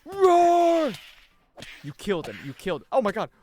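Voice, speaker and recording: A young man streaming a video game, chatting casually, muttering over menus and jumping into loud, high yelps. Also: rapid-fire, slight background noise. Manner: excitable, jumps into loud high yelps and laughs; mutters menu options to himself. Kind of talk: casual gameplay commentary.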